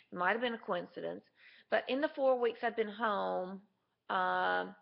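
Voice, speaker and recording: A woman's voice: medium pitch, gravelly. A woman talking candidly and chattily to camera in a casual video diary. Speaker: vlogger. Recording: dull lo-fi camera audio.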